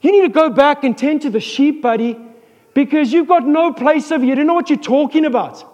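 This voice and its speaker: A preacher voicing a scornful older brother. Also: male voice, very high voice, brisk, a little mellow, in a large hall. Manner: mocking, brushing off.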